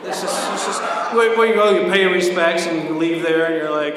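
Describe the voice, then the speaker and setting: A man's voice: high voice, fairly quick, crowd noise. A man roasting a friend at a birthday party, teasing crudely and laughing at his own jokes. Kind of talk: stand-up roast. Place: large echoing hall at a live party. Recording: echoey hall recording with background noise.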